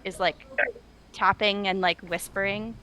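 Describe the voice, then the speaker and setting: Woman player, game narration, chatty with lots of fillers, bright tone. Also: mid-range voice, fairly even intonation, unhurried, a little hiss or hum. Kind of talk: narrating her character's actions.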